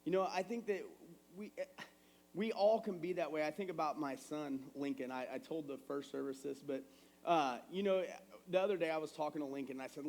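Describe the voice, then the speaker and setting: A man in his thirties preaching a sermon in a church, telling family stories in a conversational, animated way. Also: on the high side, fairly quick. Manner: conversational, animated storytelling with acted quotes. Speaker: pastor. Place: church sanctuary.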